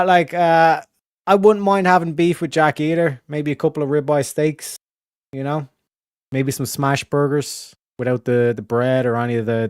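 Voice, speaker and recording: A man's voice: a little high, clean tone, dry recording, studio quality. An Irish man hosting a stream in casual chat, rambling and swearing, repeating his catchphrases. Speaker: streamer host.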